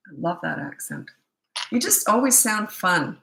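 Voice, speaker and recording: A woman's voice: mid-range voice, sing-song, unhurried, sharp tone. A middle-aged woman from Canada, a tired parenting coach chatting casually with viewers on a livestream and reading out their comments. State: tired, low energy. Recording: echoey room.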